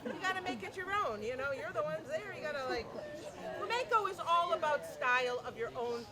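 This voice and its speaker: A woman's voice: sits high, expressive, a little fast, over a noisy crowd. A woman teaching a flamenco dance class, energetically counting beats aloud and mixing in Spanish counts. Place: dance class, community TV broadcast.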